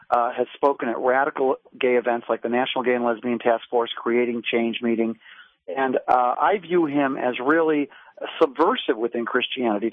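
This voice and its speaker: A man's voice: medium pitch, no echo. A male guest on a radio talk show, arguing indignantly and emphatically. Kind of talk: phoned-in talk radio commentary. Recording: tinny phone line.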